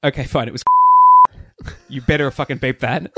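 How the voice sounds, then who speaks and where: A man's voice: medium pitch, fairly even intonation, normal speed, fairly bright tone, breathy edge, no room sound, studio quality. A man co-hosting a podcast, chatting casually and rambling through stories with lots of asides. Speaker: podcast co-host. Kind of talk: casual chat.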